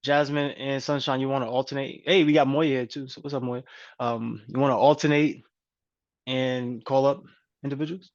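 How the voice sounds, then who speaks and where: A man's voice: mid-range voice, normal speed. A man hosting a live video call as a coach, energetically calling out participants and repeating his prompts. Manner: energetic, repetitive shout-outs. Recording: dull, lo-fi call audio.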